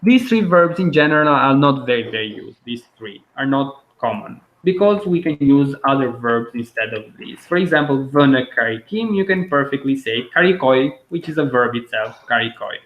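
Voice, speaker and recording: Man teaching slowly, echoey. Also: mid-range voice, lively intonation, lo-fi sound. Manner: patient, explains and repeats words slowly. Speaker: language teacher. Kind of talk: online language lesson.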